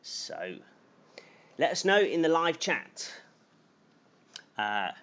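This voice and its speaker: A man teaching an English lesson on a live stream, telling a short story and reading out viewer comments in a slow, clear teaching voice. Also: on the high side, sing-song, fairly bright tone. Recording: slightly dull lo-fi stream audio.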